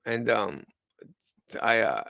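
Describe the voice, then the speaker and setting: A tired man under the weather hosts a rambling live-stream news show from home, talking haltingly with many stumbles and restarts. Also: on the low side, animated, creaky, fairly bright tone, dry recording. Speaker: host of a livestreamed news show.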